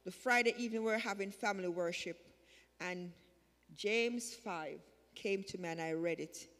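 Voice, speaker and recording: Standing in a church sanctuary, a woman delivers her personal testimony at a service, her repeated, emphatic phrases rising in fervor. Her pitch is medium, and a long reverb tail follows her voice.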